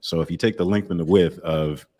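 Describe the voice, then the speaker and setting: A man's voice: deep voice, fairly even intonation, fairly quick, dark tone. A man who was once a firefighter, explaining something step by step in a casual podcast chat. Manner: explains things in plain step-by-step terms. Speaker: podcast guest, former firefighter.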